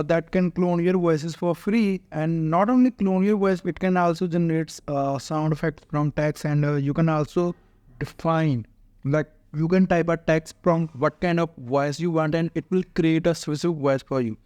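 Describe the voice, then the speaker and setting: A man hosting a casual software walkthrough, chatty and explaining step by step with many "uh" fillers. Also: a little high, smooth, dry recording. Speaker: tech tutorial host.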